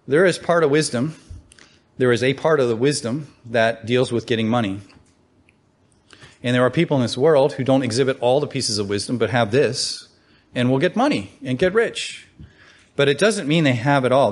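Man giving a casual Bible teaching. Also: medium pitch. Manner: conversational, asks rhetorical questions, reads scripture aloud.

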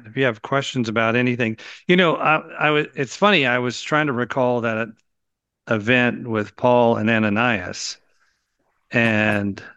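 A man's voice: medium pitch, a bit bright, clear, resonant tone, dry recording. A man co-hosting an online Bible study, talking casually as he invites questions. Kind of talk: casual conversational moderating. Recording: dry, dull lo-fi audio.

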